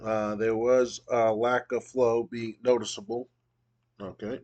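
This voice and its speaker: A man giving casual commentary on a wrestling management game he plays, reading out match results in a relaxed way with some fillers. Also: medium pitch, unhurried. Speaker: video game booker.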